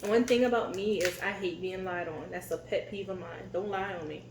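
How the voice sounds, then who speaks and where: A woman chatting casually and telling family stories with an animated, easily amused delivery. Her voice rings in an echoey room with a faint hum behind it. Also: mid-range voice, fairly quick. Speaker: co-host of a couple's channel. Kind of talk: casual storytelling chat.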